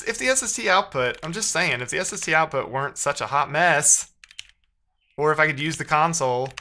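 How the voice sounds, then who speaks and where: Male streamer, talks through his debugging in a casual, slightly high, bright voice with dry sarcasm. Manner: thinks aloud while debugging, sarcastic banter with chat. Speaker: live-streaming programmer. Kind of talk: casual live-stream coding commentary.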